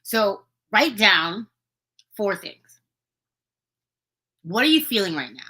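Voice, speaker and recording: Earnest woman host, bright forward tone, casual motivational talk straight to viewers. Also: mid-range voice, very animated, takes it slowly, poor audio. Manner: earnest, coaching, repeats herself for emphasis. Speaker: podcast host. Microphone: streaming video to viewers.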